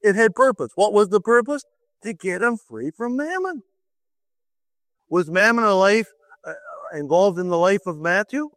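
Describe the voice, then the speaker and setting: Male preacher, highish voice, dry close sound, dramatic delivery full of rhetorical questions. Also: animated, normal speed, pauses often, fairly bright tone, no room sound, rough recording. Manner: dramatic, swings pitch to act out quoted voices; asks the listeners rhetorical questions. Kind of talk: sermon.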